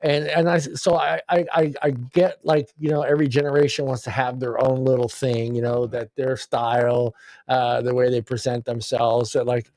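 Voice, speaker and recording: A man's voice: mid-range voice, little pitch movement, normal speed, a little mellow, dry recording. A man in his fifties co-hosting a podcast, telling rambling stories with casual swearing. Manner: rambling, profane storyteller. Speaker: podcast co-host. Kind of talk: casual chat. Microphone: podcast microphone.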